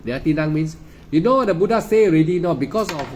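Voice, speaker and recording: A man's voice: on the high side, animated, fast talker, a little mellow, slight background noise. A man giving an informal dharma talk as a meditation teacher. He fires off rhetorical questions, keeps checking with "right? not?", chuckles often and acts out what other people say.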